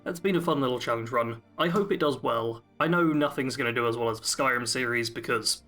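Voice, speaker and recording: A man's voice: medium pitch, a little fast, pushed and bright, soft background music. A man co-hosting a gaming podcast, chatty and upbeat, explaining his plans at length. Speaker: podcast co-host. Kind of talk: casual podcast chat.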